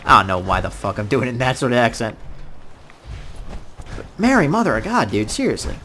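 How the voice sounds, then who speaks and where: Excitable gaming dude talking over his playthrough, voice bouncing all over. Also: mid-range voice, a little fast, pauses often. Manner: excitable, swings from mumbling to loud outbursts. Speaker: gaming YouTuber. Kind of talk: casual let's-play commentary.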